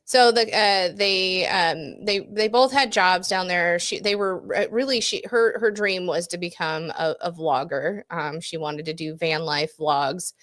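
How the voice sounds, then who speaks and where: A woman's voice: fairly low pitch, unhurried, hardly any pauses, a bit bright, no echo, clean studio sound. A woman co-hosting a podcast, retelling a true-crime case in a chatty way, with lots of fillers, self-corrections and easy laughs. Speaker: podcast co-host. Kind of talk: casual true-crime chat.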